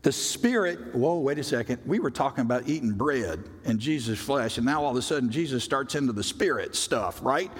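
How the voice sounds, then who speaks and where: A man preaching a sermon as a pastor, emphatic, swinging from loud bursts to quiet, drawn-out words. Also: medium pitch, expressive, husky. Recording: long reverb of a large hall.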